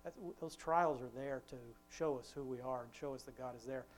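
A father leading an informal family devotion, talking in a rambling, conversational way with many restarts, and slowing down to quote scripture with emphasis. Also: medium pitch, a little hiss or hum.

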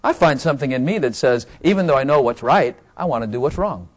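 Man, preacher, sermon, chuckling, playful, animated pitch, excited emphasis. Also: fast.

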